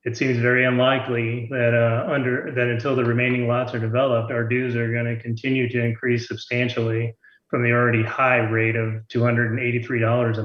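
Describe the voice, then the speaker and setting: A man giving a measured public comment as a homeowner at a city meeting, reading prepared points with a few hesitations. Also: mid-range voice. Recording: dull, roomy remote call audio.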